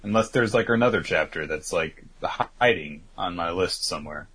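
Casual male host, deep and husky, rambling recap delivery. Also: animated, moderate pace, a bit bright. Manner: rambling, filler-heavy retelling. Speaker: podcast host recapping manga. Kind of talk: casual chat.

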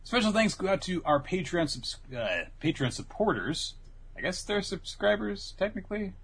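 A man's voice: high-pitched, big pitch swings, normal speed, gravelly, a bit bright, breathy edge. A man co-hosting a casual podcast, reading the outro and plugs in an easygoing way. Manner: easygoing, reads plugs with filler. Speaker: podcast co-host.

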